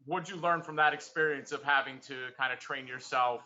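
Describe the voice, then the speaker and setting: Chatty New York podcast host, bright voice. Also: male voice, mid-range voice, fairly even intonation, moderate pace. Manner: friendly, chatty questions with fillers. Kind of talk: casual podcast interview. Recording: slightly dull lo-fi sound.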